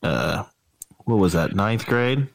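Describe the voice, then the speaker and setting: A man's voice: on the low side, lively intonation, takes it slowly, vocal fry, no echo. A man hosting a podcast, chatting in laid-back, teasing banter with casual swearing, over a remote call mic. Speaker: podcast host.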